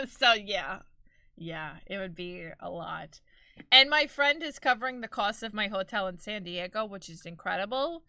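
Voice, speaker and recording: Bright-voiced chatty woman streamer. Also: mid-range voice, moderate pace, dry recording. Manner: chatty, expressive, laughs often. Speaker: live streamer. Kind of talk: casual live-stream chat.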